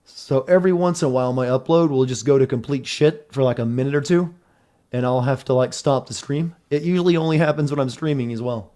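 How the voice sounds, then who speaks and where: A man's voice: medium pitch, brisk, warm tone. A man streaming a video game, chatting casually with viewers about connection problems and his play.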